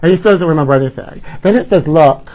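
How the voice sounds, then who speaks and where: A campy man hosts a live gossip show in a dramatic, sassy way. His voice sits a little high, and he keeps calling his viewers honey. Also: racing, a little mellow. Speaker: host.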